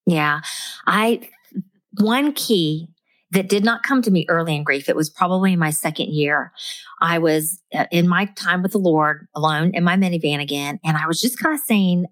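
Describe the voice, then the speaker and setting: A woman's voice: fairly low pitch, animated, normal speed, dry recording. A middle-aged woman, a guest author, speaking earnestly and reflectively in a faith-based interview.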